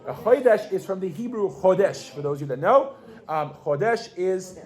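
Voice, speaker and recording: A pregnant woman leads a classroom lesson in a casual, animated way. She keeps firing questions at her students and talks with easy fillers and restarts. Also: fairly low pitch, moderate pace. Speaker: Yiddish teacher.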